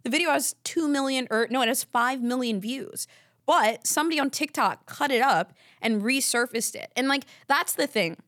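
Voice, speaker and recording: A woman's voice: high voice, animated, normal speed, a bit bright, no echo, clean studio sound. A woman hosting a podcast, chatting casually and telling a rambling story full of asides. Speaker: podcast host. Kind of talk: casual chat.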